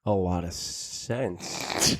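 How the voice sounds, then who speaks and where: A man's voice: low voice, drawn-out words, a bit bright. A man co-hosting a casual comedy podcast, rambling, swearing and laughing as he chats. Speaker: podcast co-host.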